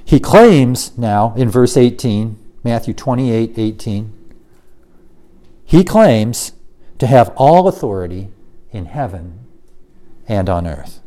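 A man's voice: medium pitch, animated, slow pace, pauses often, warm tone. A man preaching an expository sermon, emphatic and given to repeating key phrases.

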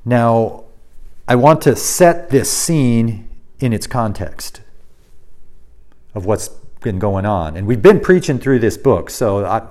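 A man's voice: medium pitch, expressive, slow, long pauses, dark tone. A man preaching a sermon, reading scripture and acting out the quoted lines with emphasis. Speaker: pastor.

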